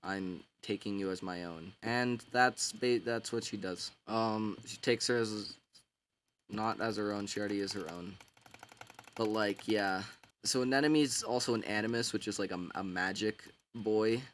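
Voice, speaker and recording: A man with a fairly low voice recaps a story in a loose, rambling way. He leans on filler words and slang and keeps an irreverent, offhand tone. A faint hiss sits in the background. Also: measured pace, a bit bright. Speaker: book summarizer. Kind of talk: casual rambling retelling.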